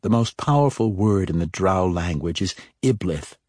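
Composed young drow woman voiced by a male narrator, calm, low voice, dry audiobook sound. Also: moderate pace, no room sound. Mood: poised.

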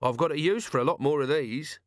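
A man's voice: on the high side, a little fast, no room sound, clean studio sound, voice pushed up, natural voice. A man voicing a shifty, shameless scruffy watchman with a cheeky, blunt way of talking.

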